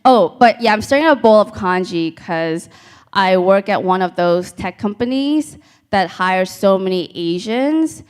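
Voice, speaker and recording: Woman, stand-up comedian, slow delivery, deadpan storytelling, live stage. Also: medium pitch, clear, resonant tone. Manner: deadpan storytelling with crowd asides.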